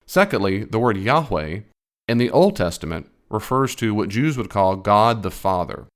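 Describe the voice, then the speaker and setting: A man's voice: fairly low pitch, sing-song, normal speed. A man giving a reaction commentary on a theology video, explaining firmly and correcting the speaker.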